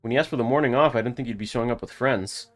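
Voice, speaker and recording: A man's voice: medium pitch, racing, lightly acted. A man voicing a motherly older woman who runs a small-town diner, speaking in a folksy, reassuring way.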